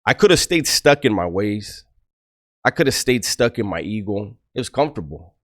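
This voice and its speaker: Middle-aged man, low voice, swings up and down a lot; blunt, profane ex-con telling stories to camera. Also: expressive, normal speed. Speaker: former prisoner giving life advice. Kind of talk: casual storytelling to camera.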